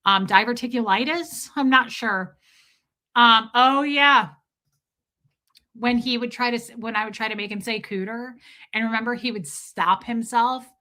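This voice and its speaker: Bright, chatty woman streamer. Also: a little high, measured pace. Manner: chatty storyteller who laughs and swears freely. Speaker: livestream host. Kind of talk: casual livestream chat with viewers.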